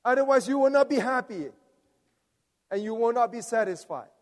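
A man's voice: extremely high pitch, expressive, normal speed. A man preaching a sermon, rousing, coaxing the audience to respond. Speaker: preacher leading a conference message. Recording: long reverb of a large hall.

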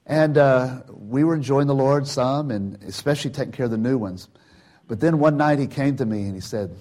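A man's voice: mid-range voice, moderate pace, darkish tone. Older guy preaching casual, lots of you know and restarts, acts out the quotes, normal middle voice. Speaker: church speaker telling a testimony. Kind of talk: informal sermon storytelling.

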